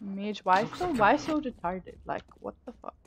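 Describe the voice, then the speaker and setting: Animated and medium in pitch, a young woman talks at a moderate pace while streaming a shooter, swearing liberally into her gaming headset and letting out shrieks when she misses kills. There's a touch of background noise behind her casual chatter.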